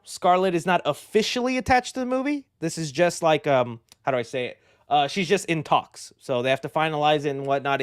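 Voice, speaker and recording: A man hosting a movie news show, talking in an excitable, slangy and rambling way. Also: on the high side, smooth, no echo, clean studio sound. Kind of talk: casual movie news commentary.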